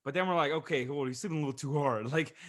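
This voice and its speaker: A man's voice: a little high, rapid-fire. Young man bantering, swearing freely. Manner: swears freely, says "bro" and "dude". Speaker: podcast co-host. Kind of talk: casual drunk banter.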